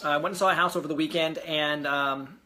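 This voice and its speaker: Young guy vlogging at home, kinda high voice, rambly and easily annoyed. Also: steady tone, fast, bright, forceful tone. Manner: rambling, easily frustrated, lots of fillers. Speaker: real estate investor vlogger. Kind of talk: casual video diary.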